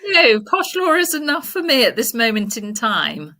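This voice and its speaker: A woman's voice: on the high side, big pitch swings, moderate pace, sharp tone. A woman with an English accent in casual chat, reflective and earnest, talking at length. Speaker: guest.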